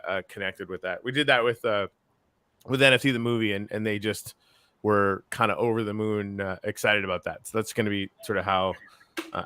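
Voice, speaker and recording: A man's voice: lowish voice, bright, forceful tone. A man chatting on a talk show, rambling with many fillers and restarts and some swearing. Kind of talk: casual chat.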